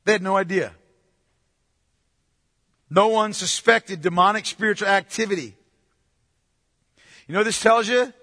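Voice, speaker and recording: Pastor, male, very high and sharp voice, emphatic sermon delivery, long hall echo. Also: a little slow, long pauses. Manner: emphatic, asks rhetorical questions.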